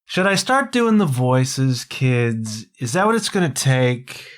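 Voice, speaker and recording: A man's voice: mid-range voice, very animated, takes it slowly, hardly any pauses. A middle-aged man hosting a solo podcast in a playful, self-mocking, theatrical way. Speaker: podcast host.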